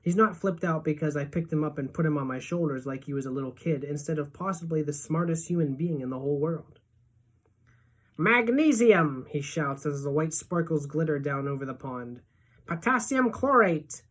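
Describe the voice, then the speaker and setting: A woman teacher reading a novel aloud to her class in a lively storytelling manner. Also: low voice, brisk, few pauses.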